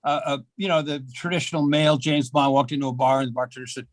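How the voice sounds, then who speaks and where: An older man doing a self-mocking stand-up set at an open mic, with deadpan delivery and halting fillers. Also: medium pitch, no echo. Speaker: stand-up comedian. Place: small comedy club.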